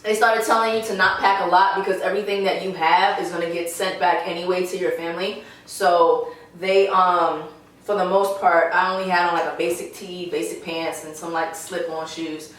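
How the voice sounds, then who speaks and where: A woman's voice: fairly low pitch, steady tone, normal speed, fairly bright tone, recorded from a distance. Laid-back young woman in an echoey room. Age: young adult. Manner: laid-back, slangy, laughs easily. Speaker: guest. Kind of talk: casual chat over food.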